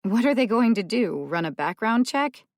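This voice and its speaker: A brash young woman with a sarcastic, teasing edge, pitched a touch higher and louder than the surrounding reading, as a female audiobook narrator puts her on. The sound is close and dry. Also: sing-song, moderate pace, no echo. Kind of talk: audiobook character voice.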